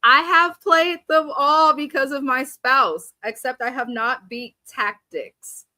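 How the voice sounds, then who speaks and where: A woman's voice: sits high, takes it slowly, pushed and bright, dry recording. A woman live-streaming a reality TV recap, blunt and sassy, reading viewer comments aloud and mimicking cast members. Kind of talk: casual live reaction commentary.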